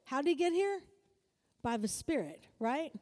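A married woman giving a lively sermon-style lesson, asking her listeners for answers and acting out quoted voices. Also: high-pitched, normal speed. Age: adult, married. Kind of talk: sermon-style teaching to a group. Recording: long hall reverb.

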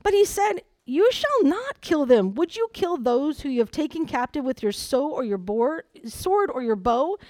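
A woman preaching at a conference, reading a Bible story aloud with lively asides and dramatized quotes. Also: high voice, normal speed, few pauses, dry recording. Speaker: conference speaker. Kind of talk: sermon with scripture reading.

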